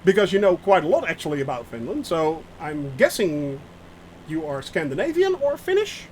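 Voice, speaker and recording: Streamer, male: high pitched and very animated, chatty and self-mocking, halting with fillers, a faint hum under the desk mic. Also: rough recording. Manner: rambling, self-mocking, answers chat aloud; halting, many fillers and restarts. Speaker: flight sim streamer. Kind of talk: live-stream chat while playing.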